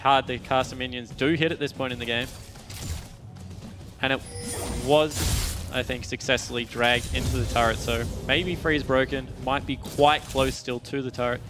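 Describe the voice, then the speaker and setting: A man with an Australian accent, commentating a video game match on a headset and calmly explaining the mechanics in detail. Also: mid-range voice, normal speed, over music. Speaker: esports caster. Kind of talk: play-by-play commentary.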